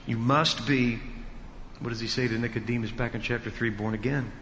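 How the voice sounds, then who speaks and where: A male pastor teaching an expository sermon, emphatic and building to loud peaks. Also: mid-range voice, little pitch movement, fast talker, slight background noise. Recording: dull reverberant hall sound.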